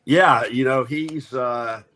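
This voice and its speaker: A man's voice: mid-range voice, takes it slowly, sharp tone, a little hiss or hum. A man, an athletic director, talking in an upbeat, speechmaking way on a sports show. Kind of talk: casual sports talk.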